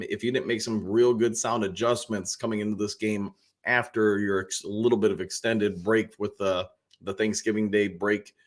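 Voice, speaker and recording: A man's voice: on the low side, a bit bright. A man hosting a live football talk show, reading viewer comments and giving his take in a rambling, casual way with lots of restarts. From Detroit area. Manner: chatty, rambling with frequent restarts and fillers; greets viewers by name, upbeat.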